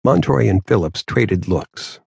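A man narrating a crime novel audiobook in a steady, measured way. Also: on the low side, gravelly, husky, no room sound, clean studio sound. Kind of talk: scripted narration.

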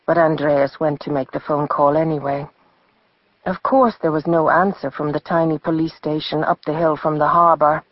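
A woman narrating a novel as an audiobook in a measured storytelling manner. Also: low-pitched, flat delivery, dry recording, lo-fi sound. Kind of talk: scripted narration.

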